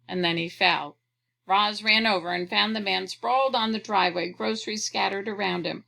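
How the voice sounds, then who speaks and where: A woman reads a children's storybook aloud, clearly and with expression. Her voice is bright and forward, with a gravelly crackle at the bottom of her sentences. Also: mid-range voice, moderate pace. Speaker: audiobook reader.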